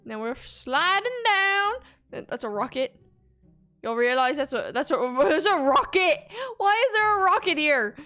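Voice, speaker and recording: A woman giving excitable commentary while playing a video game, gasping and squealing at every obstacle. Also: high voice, unhurried. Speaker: gaming video creator. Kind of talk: playthrough commentary.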